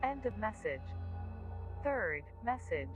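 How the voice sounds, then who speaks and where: Mechanical answering-machine lady voiced by a woman, slow and sing-song. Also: mid-range voice, faint music behind. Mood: announcing. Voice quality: flat, mechanical. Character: automated female voicemail announcer.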